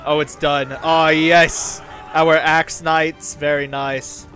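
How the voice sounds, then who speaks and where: A man giving excitable gameplay commentary, exclaiming often as the fight unfolds and rallying his troops. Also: a little high, takes it slowly, soft background music. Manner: rallies his game troops with shouted battle cries. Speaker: gaming video host.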